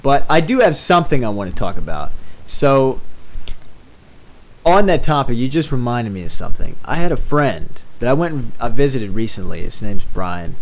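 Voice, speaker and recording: A man co-hosting a podcast in casual chat, telling stories in an animated way with casual swearing. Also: medium pitch, normal speed. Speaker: podcast co-host.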